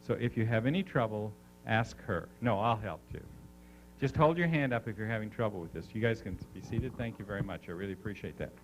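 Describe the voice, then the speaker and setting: A man leading a live seminar, an animated storyteller who coaxes the audience with questions. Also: on the low side, fairly quick, a little hiss or hum, rough recording. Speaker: seminar speaker.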